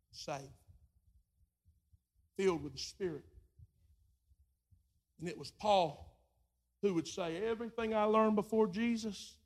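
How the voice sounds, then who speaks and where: A man preaching a sermon, moving from quiet storytelling to shouted preaching and acting out voices in his retelling. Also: high-pitched.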